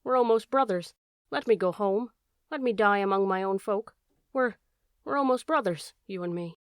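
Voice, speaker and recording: A woman voicing a wounded male fox who begs quietly and then hisses with bitter contempt, in a storybook reading. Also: fairly low pitch, expressive, fast talker, slightly rough, dry recording, clean studio sound, exaggerated voice. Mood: pleading. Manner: pleading, then hissing with contempt.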